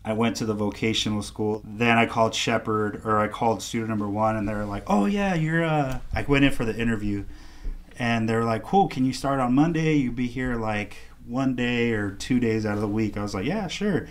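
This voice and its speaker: Fairly low in pitch and fairly quick, an artist on a podcast casually narrates a story as a guest. He acts out the dialogue of the others in it with lots of animation.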